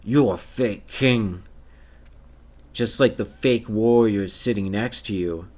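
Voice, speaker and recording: A man's voice: lowish voice, slow, darkish tone. A man voicing an angry, scarred bugbear chief who sneers insults in a tabletop game. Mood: contemptuous. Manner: spits contempt, sneering.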